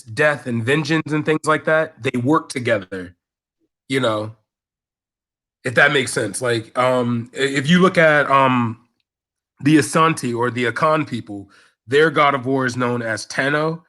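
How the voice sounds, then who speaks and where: A man with a bright, sharp-toned voice talks casually. He explains ideas thoughtfully, with hesitant pauses and fillers as he works them out. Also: mid-range voice. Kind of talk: casual chat.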